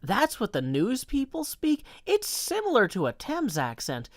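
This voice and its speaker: A man's voice: very high voice, wildly swooping pitch, measured pace. A man chatting casually on a livestream, rambling a little and laughing at himself. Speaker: streamer and co-host.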